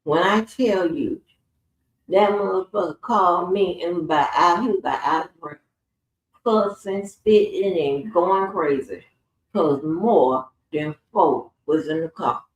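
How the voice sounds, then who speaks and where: A woman's voice: lowish voice, slow pace, slight background noise. A woman hosting a casual livestream, telling stories with lots of swearing and laughter. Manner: profane, laughing storyteller. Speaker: stream host. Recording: roomy, distant from the mic.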